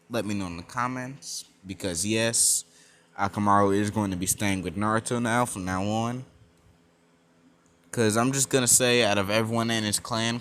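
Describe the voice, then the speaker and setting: A man's voice: lowish voice, fairly bright tone, slight background noise. A young man casually narrating a fan-made story, rambling with many fillers and self-corrections.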